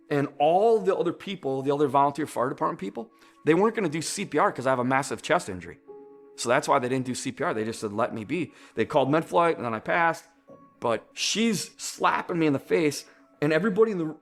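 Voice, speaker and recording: A middle-aged man giving a personal testimony in an earnest way, often searching for words. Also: mid-range voice. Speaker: near-death experience witness.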